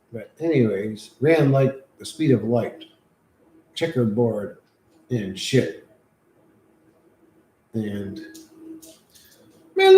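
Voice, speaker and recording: A man streaming live, chatting loosely with lots of swearing and cooing softly to his pet. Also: medium pitch, echoey room, a little hiss or hum, poor audio. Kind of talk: casual live-stream chat.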